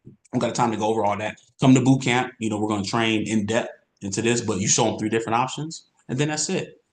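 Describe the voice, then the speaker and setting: A man giving an energetic, repetitive sales training talk as an insurance coach. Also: fairly low pitch, fast talker. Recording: roomy echo.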